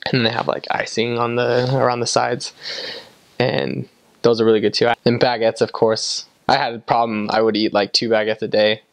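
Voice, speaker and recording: A man's voice: medium pitch, level tone, normal speed, creaky, no room sound. A young man from the United States telling stories in a casual, chatty way, full of "like" fillers. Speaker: vlogger recalling time abroad. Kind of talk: casual storytelling to camera.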